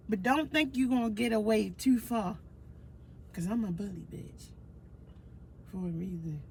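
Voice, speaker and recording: A woman's voice: mid-range voice, unhurried, creaky, long pauses, a little mellow, breathy edge. A woman guest on a casual podcast, emphatic and profane as she retells conversations.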